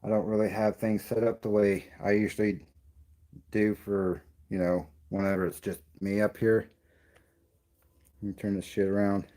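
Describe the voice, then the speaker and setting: A man's voice: on the low side, little pitch movement, moderate pace, warm tone. A man doing a paranormal investigation vlog, out of breath and rambling as he talks to the camera. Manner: rambling, self-interrupting. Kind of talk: casual vlog talk.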